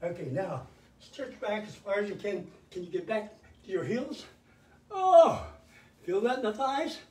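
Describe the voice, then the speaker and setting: Older male fitness host, high and animated, energetic coaching, roomy mic from a distance. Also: a little slow. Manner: energetic, cheering coaching with counted cues. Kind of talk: live workout instruction. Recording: roomy sound from away from the mic.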